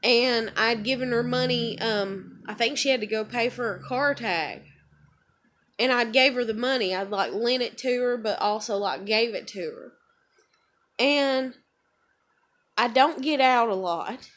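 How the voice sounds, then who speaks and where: A woman's voice: fairly high pitch, measured pace, a bit bright, slight background noise. A woman, talking emotionally and rambling with lots of fillers in a confessional vlog. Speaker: vlogger.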